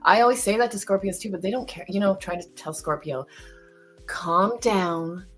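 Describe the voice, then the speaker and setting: A woman co-hosting a casual stream, animated as she tells her story, swearing often and acting out her own lines. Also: medium pitch, fast, soft background music, poor audio. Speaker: stream co-host. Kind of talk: casual chat.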